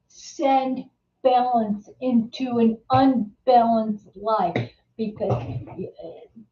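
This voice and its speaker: Slow, halting woman host in a roomy space. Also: a little high. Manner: halting, repeats words and restarts sentences. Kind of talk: casual live-stream chat. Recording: distant, roomy and dull-sounding.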